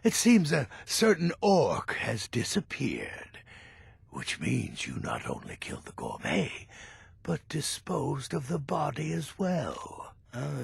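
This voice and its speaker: A gravelly, sardonic old assassin of a game guild, doling out dry, ironic praise. His rasp is heavy and breathy, and his lines dip and climb across a wide span. He speaks slowly and deliberately, close and dead-dry. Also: medium pitch, no room sound, exaggerated voice. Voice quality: gravelly, raspy. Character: sardonic older male assassin guild elder. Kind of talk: video game voice acting.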